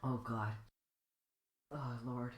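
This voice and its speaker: A man's voice: mid-range voice, steady tone, very slow. Congested man reading fanfiction aloud. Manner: rambling, giggly, off-the-cuff. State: congested, sick. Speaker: fanfiction reader. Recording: echoey room with loud music.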